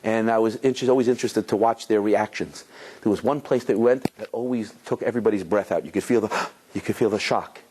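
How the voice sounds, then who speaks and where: A man's voice: lowish voice, fast, a little mellow, a little hiss or hum. A man, a rabbi, giving a storytelling Torah lecture, mixing in Hebrew and Yiddish terms and often restarting his phrases. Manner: storytelling with many restarts and quoted voices.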